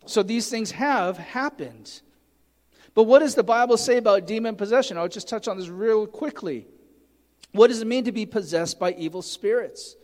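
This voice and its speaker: A man's voice: high voice, darkish tone, long reverb tail. A man preaching a sermon, earnestly teaching and reading scripture aloud with emphasis. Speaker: pastor.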